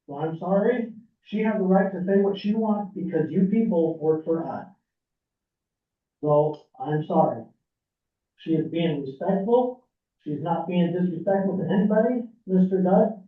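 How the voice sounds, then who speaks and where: A man's voice: high-pitched, moderate pace. A man making a pointed, indignant public comment at a city meeting. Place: city council chamber. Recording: echoey room, distant thin phone-like sound.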